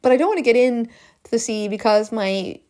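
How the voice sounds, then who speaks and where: A woman's voice: a little high, brisk, darkish tone. Earnest woman coaching on a podcast. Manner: emphatic, repeats phrases for effect; earnest, encouraging. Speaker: life coach. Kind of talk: podcast monologue.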